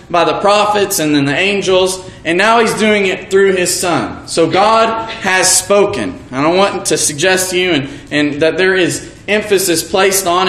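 A man preaching an evening sermon, earnest and halting, slowing down to stress key words. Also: high voice, a bit bright. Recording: echoey room.

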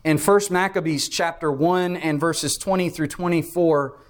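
A man preaching a sermon, explaining scripture and history with emphatic, steady delivery. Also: on the high side, a little slow.

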